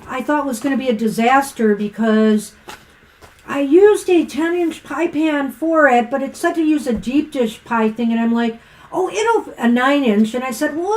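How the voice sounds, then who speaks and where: A woman with a high voice chats casually on a live stream, rambling a little as she gives gently encouraging tarot readings. A faint hiss sits under her voice. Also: lively intonation, normal speed, rough recording. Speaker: co-host and tarot reader.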